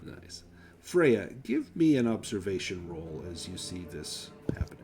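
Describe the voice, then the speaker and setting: A man narrating a tabletop role-playing game as game master, descriptive and unhurried, pausing with fillers. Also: sits low, very animated, darkish tone, faint music behind.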